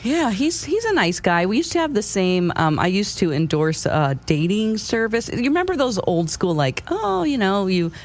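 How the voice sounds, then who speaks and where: A woman co-hosting a casual talk show, telling stories in a chatty way. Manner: chatty storyteller, lively swooping pitch, quick laughs. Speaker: radio co-host. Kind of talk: casual chat.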